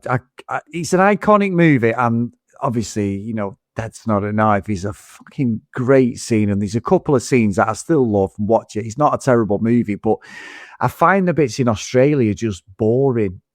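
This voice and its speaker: A man co-hosting a podcast, talking about a film in a loose, sweary rant. His pitch jumps all over the place as he gets worked up, and the sound is dry and close, with no room around it. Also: no room sound. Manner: animated, sweary, ranting. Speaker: podcast co-host. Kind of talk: casual film review chat.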